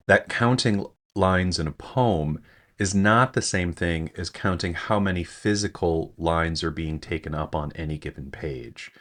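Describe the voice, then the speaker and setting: A man's voice: low voice, a bit bright. A man giving a screen-share poetry lesson, thinking aloud with frequent fillers and self-corrections. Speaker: teacher.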